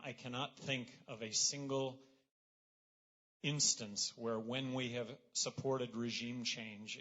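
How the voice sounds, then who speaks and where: A man speaking at a political rally as a candidate, talking in a relaxed, conversational way with fillers and self-deprecating asides. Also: medium pitch, lo-fi sound. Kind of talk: campaign rally speech.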